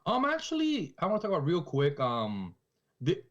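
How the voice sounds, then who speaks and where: A man's voice: on the high side, huge pitch swings, moderate pace, fairly bright tone, muffled recording. A man in his forties co-hosting a podcast, chatting casually and rambling as he retells scenes. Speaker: podcast co-host. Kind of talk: casual chat.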